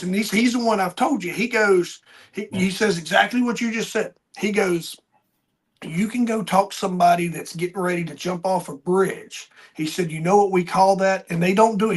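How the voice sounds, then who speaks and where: A man hosting a podcast, telling stories in a lively casual way and acting out the people he quotes. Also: sits high. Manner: animated storyteller, acts out quoted people. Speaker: podcast host. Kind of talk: casual conversation.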